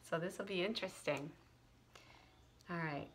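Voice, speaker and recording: A woman's voice: on the low side, slow pace, fairly bright tone, a little hiss or hum. A woman tutor reading a children's chapter book aloud and explaining it in a friendly way.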